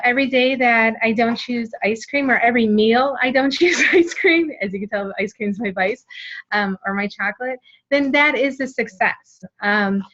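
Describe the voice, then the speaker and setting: A woman's voice: mid-range voice, fairly bright tone. A woman in her forties telling her own story candidly, rambling with many fillers. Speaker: guest sharing her story. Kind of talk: casual personal testimony. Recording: dull lo-fi sound.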